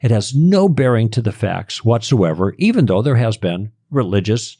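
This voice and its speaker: Low, mellow-voiced man explaining emphatically. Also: big pitch swings, normal speed, dry recording, studio quality. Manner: emphatic, lecturing, stressing key words. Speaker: podcast guest, Christian apologist. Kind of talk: conversational explaining.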